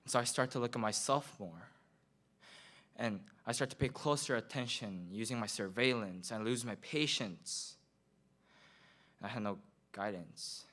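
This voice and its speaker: A young man with a Korean accent performing his own slam poem at a school event, earnest and measured, repeating phrases for effect. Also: lowish voice, a bit bright. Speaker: student poet.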